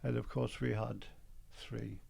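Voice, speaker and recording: An older man with a Geordie accent, a guest on an interview show, telling his story in a lively way and acting out old conversations. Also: mid-range voice, a little slow, vocal fry, slightly rough. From Newcastle, England.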